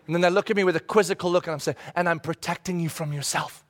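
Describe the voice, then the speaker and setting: A middle-aged man preaching a sermon, animated, swinging from soft asides to loud shouted quotes. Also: high-pitched, fast, few pauses. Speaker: pastor.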